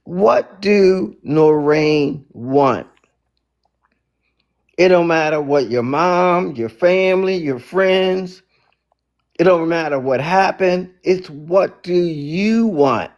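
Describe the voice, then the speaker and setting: Brief: man motivational speaker, higher voice, slow and emphatic, preaches with repetition. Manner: preachy, emphatic, repeats key phrases. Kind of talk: inspirational faith talk.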